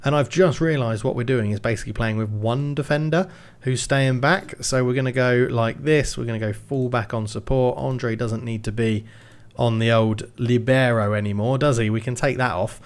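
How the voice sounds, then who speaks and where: A young man giving lively commentary on his football management game, shouting when goals go in. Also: mid-range voice, normal speed, smooth. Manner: excitable play-by-play, shouts at goals. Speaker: gaming YouTuber.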